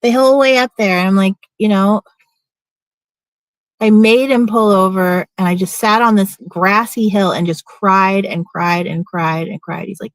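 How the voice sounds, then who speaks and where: A woman's voice: mid-range voice, a little slow, clear, resonant tone, no echo, low-quality recording. Blunt, profane woman venting, dry sound. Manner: blunt, profane, rambling with restarts. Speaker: vlogger. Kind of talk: casual storytime vent.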